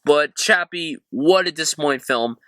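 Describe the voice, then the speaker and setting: A man's voice: on the high side, normal speed, background noise. A man hosting a casual movie-review vlog, talking sarcastically and animatedly, with swearing, while squeezed into a cramped storage closet. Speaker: film reviewer, channel host.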